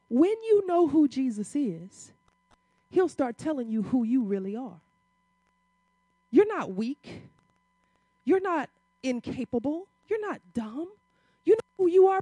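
High-voiced impassioned woman preacher. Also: big pitch swings, takes it slowly, long pauses, husky, no echo. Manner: impassioned, rising to loud emphatic peaks; uses casual church vernacular, rhetorical questions. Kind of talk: sermon.

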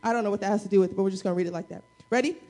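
A woman pastor preaching a sermon to her church, energetic, with call-and-response and playful asides. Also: medium pitch, rapid-fire. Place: church service.

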